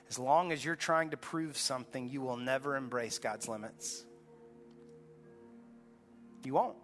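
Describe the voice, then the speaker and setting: A man delivers a sermon from the stage of a large church, his bright, forceful voice ringing out with a long reverb. He builds to urgent, high peaks and then drops low and quiet. Soft music hums faintly beneath him. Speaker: pastor.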